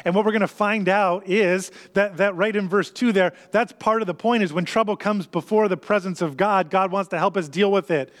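Brief: male pastor, high voice, earnest sermon with repetition, long hall reverb. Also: fairly even intonation, fairly bright tone. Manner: earnest, repetitive preaching with slowed emphasis.

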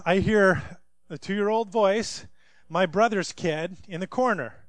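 A male pastor with a fairly high voice preaches to a congregation in a relaxed, storytelling way, full of light humor. The sound is close and dry, with no room echo. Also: slow. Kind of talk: sermon with storytelling. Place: in front of a live congregation.

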